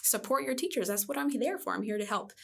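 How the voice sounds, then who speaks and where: Animated woman reading coach telling classroom stories. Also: on the high side, fast talker, vocal fry. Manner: animated storyteller, lively voice jumps. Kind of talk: casual podcast interview.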